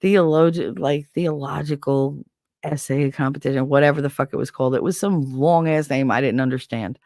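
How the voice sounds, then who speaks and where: Lady chatting on her show, tangents everywhere, cusses a lot, raspy creaky voice. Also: sits low, a little fast, no echo, studio quality. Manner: rambling, profane, animated storyteller; answers viewer comments. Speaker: host. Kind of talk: casual storytelling chat.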